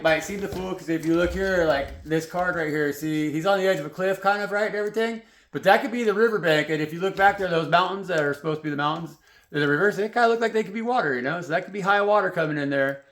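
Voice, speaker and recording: A man with a fairly high voice rambles through a tarot reading, cursing freely as he gets heated. The room around him rings with a noticeable echo. He talks loosely and restarts his thoughts often. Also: fairly bright tone. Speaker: tarot reader. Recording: roomy echo.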